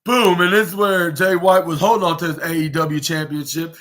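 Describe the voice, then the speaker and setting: High, bright-voiced man rambling through a recap. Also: brisk. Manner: rambling play-by-play with many restarts and fillers; animated, acts out quoted lines. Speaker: podcast host. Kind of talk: casual wrestling episode recap.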